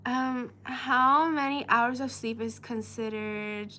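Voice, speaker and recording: A woman's voice: on the high side, fairly even intonation, slow, sharp tone, a little hiss or hum. A woman whose first language is Chinese, hosting a casual livestream and reading viewer comments in a giggly, hesitant way. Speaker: livestream host.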